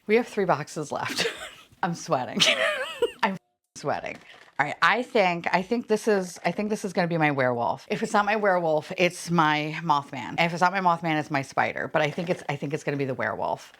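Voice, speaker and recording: A young woman vlogging an unboxing, her voice swinging widely in pitch as she gushes. She squeals and laughs often, chatting straight to her viewers in an excited, casual way. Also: normal speed.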